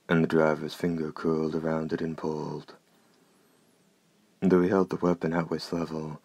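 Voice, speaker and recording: A man reads an audiobook in a steady, measured, unhurried manner. His voice is extremely deep and keeps a flat, even pitch. The recording is close and dry. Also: no echo. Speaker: narrator. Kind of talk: audiobook narration.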